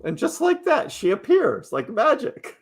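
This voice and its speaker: A man's voice: very high-pitched, wildly swooping pitch, measured pace, husky. A middle-aged man hosting a casual live stream, chatting loosely with his viewers, reading their messages aloud and laughing often. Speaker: livestream host.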